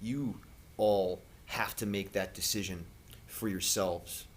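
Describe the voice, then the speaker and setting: A man giving an impassioned spiritual monologue to camera as a vlogger, earnest and preachy, with long dramatic pauses. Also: sits low, steady tone, slight background noise.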